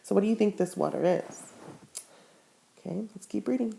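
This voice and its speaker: A woman's voice: medium pitch, normal speed, gravelly, pauses often, dark tone. A woman teacher reading a novel aloud to her class, stopping to quiz the students and then giving firm instructions.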